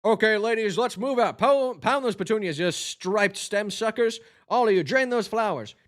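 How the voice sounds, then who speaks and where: A man voicing a gruff male bee squad leader who gives orders in a loud drill-sergeant manner. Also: sits high, animated, normal speed, voice pushed up. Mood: commanding.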